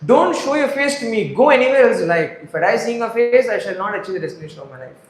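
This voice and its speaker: Brief: a man playing an aged holy man, grief-stricken and sharp, high voice in an echoey room. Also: animated, quick pace. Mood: grieving, rebuking. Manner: pleading, then rebuking sharply.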